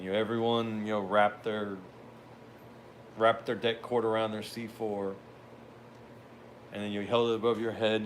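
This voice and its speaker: An older man with a fairly low voice tells a long, rambling story in an easy conversational way. He drops in dry asides as he goes, and there is a faint hiss of noise behind him. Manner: rambling anecdotal delivery with wry asides. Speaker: podcast host. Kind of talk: casual storytelling.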